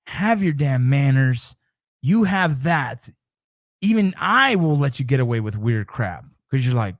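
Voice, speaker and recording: A man in his forties hosts a casual livestream, speaking at a middle pitch. He is emphatic and repetitive and swears casually. The sound is dry, with no room echo. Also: big pitch swings, a little slow. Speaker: show host.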